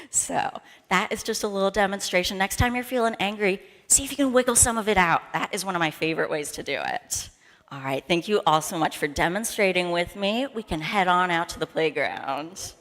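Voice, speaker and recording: A woman leading a playful, animated children's time at a church service, getting everyone up to stomp and wiggle. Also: on the low side, fairly quick. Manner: playful, animated, leads movement and shouting. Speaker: children's message leader. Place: large church sanctuary. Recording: echoey hall from the room mic.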